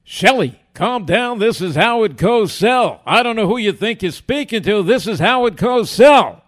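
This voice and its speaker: A man doing an impression of a brash, pompous male sportscaster, speaking emphatically and loudly. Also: high voice, animated, normal speed, pitched above the performer's own voice. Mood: indignant.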